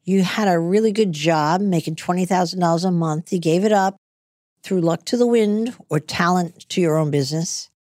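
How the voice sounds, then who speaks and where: A woman's voice: lowish voice, moderate pace, darkish tone, no room sound, studio quality. A middle-aged woman hosting an advice show, blunt and emphatic as she coaches callers. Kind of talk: business advice talk.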